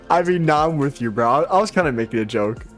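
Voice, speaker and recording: A young man trades futures live on stream, chatting loosely, cursing a lot and making fun of himself. His voice is fairly high and expressive at a normal speed, and soft music plays behind him.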